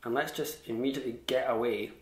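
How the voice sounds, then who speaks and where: A man giving a relaxed online fiddle lesson, chatty and self-deprecating, scat-singing rhythms as he explains them. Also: medium pitch, quick pace. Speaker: fiddle tutor. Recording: echoey room.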